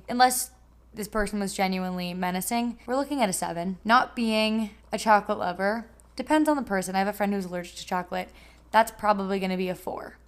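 A young woman hosting a casual solo podcast, handing out quick, wry, deadpan verdicts. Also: mid-range voice. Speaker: podcast host. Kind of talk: casual solo podcast, rating listener submissions.

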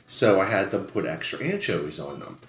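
A man's voice: sits low, a little fast, slight background noise. A man, a guest on a podcast, telling a story about a rude customer from his server days and acting out the people in it. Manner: animated, acts out the people in his story, swears freely. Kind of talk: casual storytelling. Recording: echoey room.

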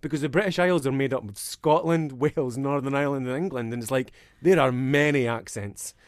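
A man's voice: medium pitch, fairly quick, no echo, studio quality. A man guesting on a podcast as an actor, chatting casually, laughing often and trailing off into fillers. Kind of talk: casual chat.

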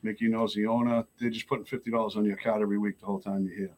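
A man from Lowell, Massachusetts races through his recovery story as a podcast guest, keeping it casual, blunt, and animated while mimicking the voices of those involved.

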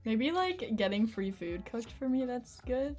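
A woman's voice: a little high, sing-song, a little slow, darkish tone, faint music behind. A young woman co-hosting a casual podcast from her room over a video call, laughing often and joking at her own expense. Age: young adult. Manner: laughs often, self-deprecating. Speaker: podcast co-host. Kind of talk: casual chat.

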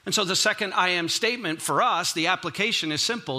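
A man's voice: high-pitched, fast talker, pushed and bright. A man preaching a sermon as a pastor, conversational and emphatic, often repeating words for stress.

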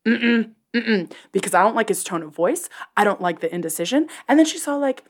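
A woman co-hosting a podcast and reviewing a TV episode in casual chat, excitable and animated, acting out her own reactions. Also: mid-range voice, a little fast. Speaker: podcast co-host.

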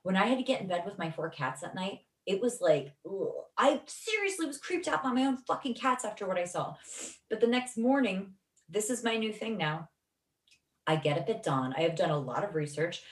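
A woman casually telling a rambling, emotional story, swearing often. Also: medium pitch. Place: Los Angeles. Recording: echoey room, distant from mic.

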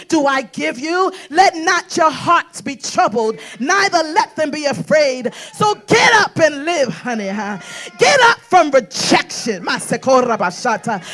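A woman preaching a prophetic sermon, shouting and sing-songing her lines with "uh" between phrases and calling her listeners "sis" and "girl". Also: high voice. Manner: shouting, sing-song preaching with breathy "uh" fillers; exhorting women as "sis" and "girl".

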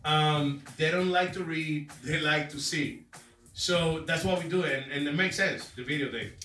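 A man's voice: on the high side, normal speed, sharp tone, echoey room, distant mic, soft background music, poor audio. A man co-hosting a casual talk show, blunt and teasing with short dry remarks. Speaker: co-host.

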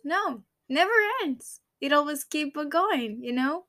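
A woman's voice: sits high, a little slow, hardly any pauses, a bit bright, no room sound, studio quality. A woman in her twenties with a Greek accent, telling a personal story in English and often stopping to search for the right words. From Greece. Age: 20s. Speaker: vlogger.

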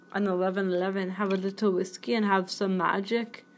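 A woman's voice: medium pitch, level tone, fairly quick, few pauses, a little hiss or hum. A woman in her forties hosting her own podcast, chatting in a goofy, rambling way and jumping from topic to topic. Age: 40s. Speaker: podcast host. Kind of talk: rambling solo podcast chat.

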